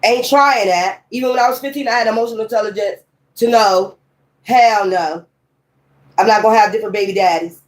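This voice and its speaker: A woman's voice: medium pitch, a little fast. A woman in her fifties giving a tarot reading, talking in a blunt, heated and profane way. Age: 50s. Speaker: tarot reader. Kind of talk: tarot reading with ranting commentary.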